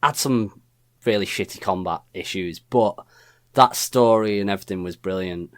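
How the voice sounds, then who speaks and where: A man's voice: on the low side, normal speed, dry recording, studio quality. A man co-hosting a podcast in casual chat, rambling with lots of fillers and restarts. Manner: rambling, full of fillers and self-corrections. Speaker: podcast co-host.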